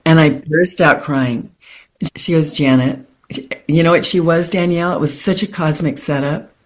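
A woman guest in an interview, telling a personal story in animated, quick bursts with many restarts. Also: deep voice.

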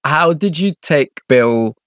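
A man's voice: a little high, lively intonation, slow, a bit bright, no room sound, clean studio sound. A man interviewing a guest, asking probing follow-up questions. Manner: curious, asks probing follow-ups.

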